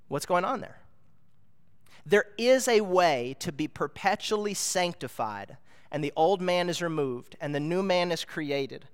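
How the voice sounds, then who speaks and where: High-voiced preacher in a reverberant hall. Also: male voice, expressive, measured pace, clear, resonant tone. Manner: earnest, explanatory, rising to emphatic peaks. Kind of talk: sermon.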